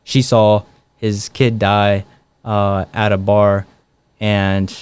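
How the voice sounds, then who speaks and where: Smooth, a little mellow, and lowish in pitch, this young adult street evangelist's voice carries a meandering set of stories in a relaxed interview. He leans on many fillers and quotes people's dialogue as he goes.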